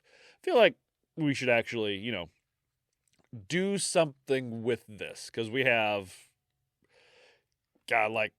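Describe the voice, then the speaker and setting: A man's voice: mid-range voice, animated, takes it slowly, pauses often, a bit bright, no room sound, studio quality. A man co-hosting a podcast in casual chat, easygoing and teasing, laughing often. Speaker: podcast co-host.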